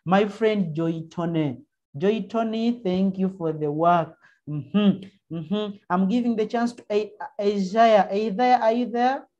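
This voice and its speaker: A woman's voice: mid-range voice, slow, warm tone, muffled recording. A woman teacher with a Ugandan English accent, leading an online primary class over a video call, encouraging pupils with frequent uh-huhs. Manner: encouraging, prompting with frequent uh-huh and mm-hmm.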